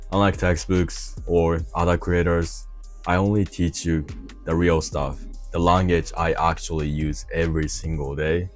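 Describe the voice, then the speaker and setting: A man's voice: deep voice, no echo. A man teaches an online lesson in English. He is casual and blunt, and slips slang and swearing into his explanations. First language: Japanese. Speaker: Japanese language teacher.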